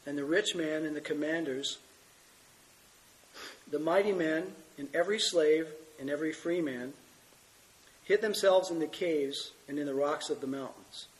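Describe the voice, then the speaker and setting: A middle-aged male pastor teaches a sermon, earnestly reading scripture aloud while battling a cold and coughing. His voice is on the high side, and the audio quality is poor.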